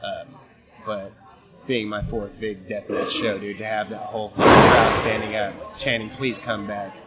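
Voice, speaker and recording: Speaking in a fairly low, flat voice at normal speed, a guest wrestler shares a wild story, loose and profane, with frequent laughter. Crowd noise from the busy convention floor fills the background.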